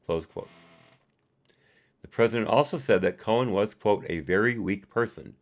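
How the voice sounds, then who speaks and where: Low-voiced man reading a report aloud. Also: moderate pace. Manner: reads punctuation aloud and adds personal asides. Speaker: reader and commentator. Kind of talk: live reading of a report with commentary.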